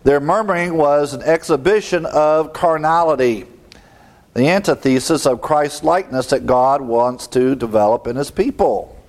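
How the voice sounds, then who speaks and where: A man's voice: fairly high pitch, moderate pace, darkish tone. A man, a pastor, giving an expository sermon, explaining word meanings and asking rhetorical questions with a chuckle now and then.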